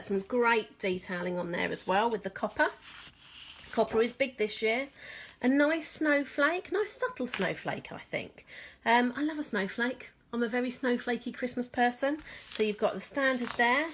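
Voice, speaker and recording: A woman demonstrating craft products in a casual vlog, bubbly and gushing, often laughing at her own excitement. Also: a little high, a little hiss or hum. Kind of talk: casual show-and-tell vlog.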